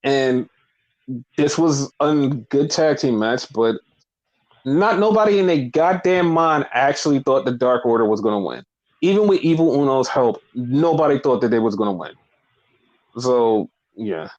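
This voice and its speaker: A man recapping wrestling in a loose, profane, animated way, cursing freely and leaning hard into his opinions. His voice sits at an ordinary middle pitch. The audio is dull and lo-fi, like a home podcast setup. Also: measured pace. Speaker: podcast co-host. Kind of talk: casual wrestling recap chat.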